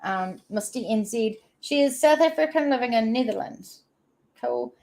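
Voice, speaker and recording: A woman's voice: fairly high pitch, lively intonation, normal speed, vocal fry, darkish tone. A woman from New Zealand with a New Zealand accent, hosting a casual livestream chat and reading viewer comments aloud. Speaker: livestream host.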